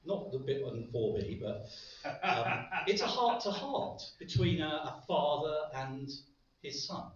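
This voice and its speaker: A man's voice: a little high, expressive, a little slow. Male preacher, light-hearted sermon delivery, heavy reverb, distant dull room sound. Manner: light-hearted, with joking asides. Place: large echoey church hall. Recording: very echoey, distant, dull hall recording.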